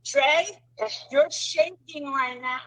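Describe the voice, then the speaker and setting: Woman livestream guest, high and sharp voice; provoking, taunting tone. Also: takes it slowly, rough recording. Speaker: guest on a live stream. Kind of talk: heated livestream argument.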